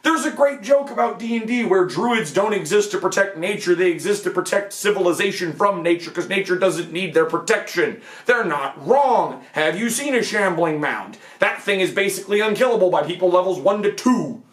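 A man's voice: sits high, animated, moderate pace, hardly any pauses, a bit bright, reverberant. A man hosting his channel, talking through a casual monologue and peppering it with rhetorical questions and "okay?" asides. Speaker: video essay host. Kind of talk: casual monologue on fantasy gaming.

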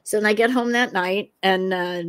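A woman's voice: medium pitch, steady tone, normal speed, fairly bright tone, smooth. A woman in her sixties from Iowa, a talk-show guest who tells her story animatedly, acting out dialogue and laughing often. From Iowa, USA. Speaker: guest, author and crime investigator.

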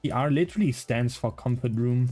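A man's voice: mid-range voice, fairly quick, mellow, faint music behind. A man with a slight German accent, a native German speaker, streaming a game and bantering with chat in a playful, rambling way. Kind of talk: casual gaming livestream chat.

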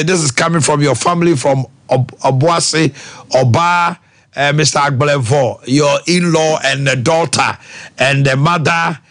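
A man with a Ghanaian accent hosting a radio show, reading birthday shout-outs and discussing politics in a studio. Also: on the high side. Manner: rapid list of names, bursts into sung greetings.

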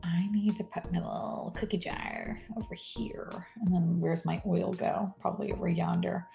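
A woman's voice: on the low side, fairly even intonation, normal speed, vocal fry, warm tone, faint music behind. Profane, laughing woman streaming. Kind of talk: casual live-stream chat.

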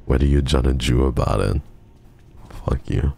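A man's voice: a bass voice, moderate pace, vocal fry, mellow. A young man streaming a game, bantering with his chat in a profane, teasing way. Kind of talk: casual game stream chatter.

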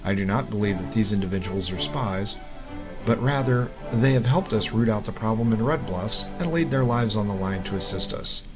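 A man's voice: lowish voice, moderate pace, close to an everyday voice. A humble, meek cleric answers deferentially in a subdued voice, as a man acts him out. Background music runs beneath this fantasy audio drama. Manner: deferential and quiet.

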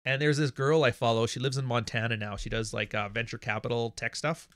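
Male livestream host, mid pitch, blunt and profane, animated storyteller, dry close sound. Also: brisk, no echo. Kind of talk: casual livestream monologue.

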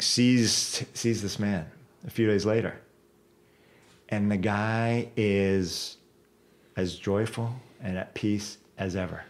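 A man appearing as a guest on a podcast tells a personal story, his voice on the low side. He is casual and animated, cursing freely and repeating words as he goes.

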